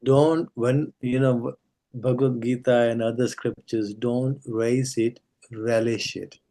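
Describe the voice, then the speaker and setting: A man who organizes a scripture study series, gently encouraging and advising the speakers over a video call. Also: medium pitch, fairly even intonation, slow. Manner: gentle, encouraging, gives friendly advice. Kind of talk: devotional group discussion on a video call.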